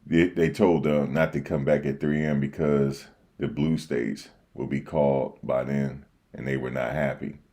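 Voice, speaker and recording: A man's voice: rumbling low, fairly even intonation, moderate pace, dark tone, breathy edge. A man with an East Coast accent hosting a casual livestream, reacting to the news in slangy, repetitive chat. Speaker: livestream host reacting to election results. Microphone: desk microphone.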